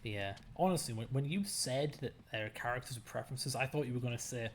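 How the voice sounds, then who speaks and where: A young man chatting casually while streaming a game, animated and jokey, ranting and mocking himself. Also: medium pitch, fast, few pauses, slight background noise. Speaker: stand-in streamer. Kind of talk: casual gameplay stream chat.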